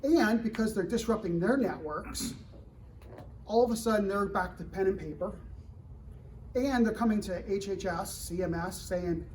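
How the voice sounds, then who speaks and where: A middle-aged man giving a fireside chat to students at a live event, animated and full of rhetorical questions to the crowd. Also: high voice, normal speed, pauses often, recorded from a distance, a little hiss or hum, rough recording. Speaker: government security director speaking to students. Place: university event room.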